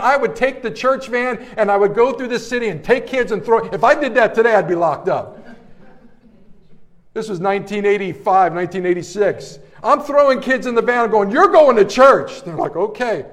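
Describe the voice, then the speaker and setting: Animated middle-aged male preacher. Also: high-pitched. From New Jersey area, Italian-American family. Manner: animated preacher, swings between hushed and loud. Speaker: pastor. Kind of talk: sermon with personal storytelling.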